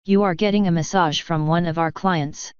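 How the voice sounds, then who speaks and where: Woman reading stern mare spa owner, low hushed scolding, smooth, dry muffled sound. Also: fairly even intonation, moderate pace, no room sound, lightly acted. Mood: scandalized.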